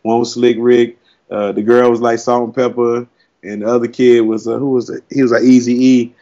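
A man's voice: mid-range voice, little pitch movement, moderate pace, warm tone, highs cut off. A man, a podcast co-host, rambling in a casual chat with heavy slang and frequent laughs.

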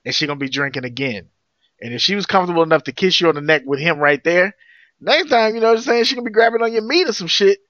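A man's voice: sits high, animated, fast talker, sharp tone, no echo. A man co-hosting a podcast, giving blunt, emphatic opinions in casual chat. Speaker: podcast co-host. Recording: dull dry lo-fi audio.

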